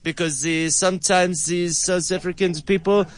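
A man putting on a heavy French accent to play a smooth, overly polite male car company boss, talking slowly and deliberately as a prank caller. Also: sits high, fairly even intonation, no echo, lightly acted. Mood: phony polite. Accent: put-on French.

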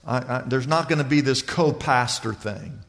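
A man preaching a sermon as pastor, telling a story with lively delivery and acting out the people he quotes. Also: medium pitch, moderate pace, long reverb tail. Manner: animated storytelling, voicing other people in anecdotes.

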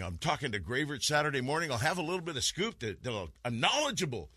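A man's voice: mid-range voice, sing-song, fairly quick, hardly any pauses, sharp tone, no room sound, clean studio sound. Joking folksy radio host man. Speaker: radio fishing show host. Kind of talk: casual radio talk. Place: radio studio. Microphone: studio mic with headphones.

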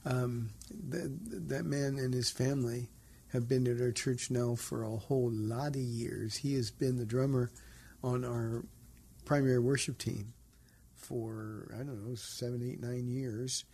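A man, a pastor, hosting a radio call-in show and answering listeners' questions in a gentle, pastoral way. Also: medium pitch, fairly even intonation, measured pace, gravelly, breathy edge. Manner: gentle, pastoral, takes calls.

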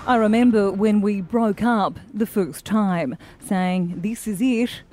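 Unhurried woman reading in newsreader voice. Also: mid-range voice, soft background music. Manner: deadpan, reads lyrics in a newsreader voice. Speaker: radio co-host. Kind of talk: casual breakfast radio banter.

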